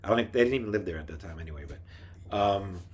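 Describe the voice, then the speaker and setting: A man's voice: deep voice, quick pace, husky. A middle-aged man telling rambling personal stories in a casual monologue, with frequent restarts. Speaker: podcast host.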